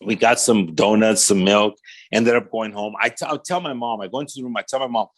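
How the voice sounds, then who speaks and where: A man's voice: fairly low pitch, fairly quick. A pastor telling his personal testimony in a podcast interview, speaking in casual street slang, often saying "man", and acting out the voices of the people in his story. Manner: animated storyteller who acts out quoted dialogue.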